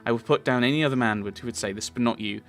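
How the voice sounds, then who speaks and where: Valerie, read flatly by a man as a proud young warrior woman. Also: medium pitch, very fast, close to an everyday voice. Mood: guarded. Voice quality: plain unaltered reading voice. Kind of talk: reading game dialogue aloud.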